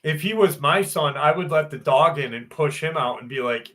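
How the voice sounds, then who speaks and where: A man's voice: on the high side, normal speed, pushed and bright. A man hosting a live show, reading a viewer's story aloud and then chatting loosely with his live chat, joking and swearing freely. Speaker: show host.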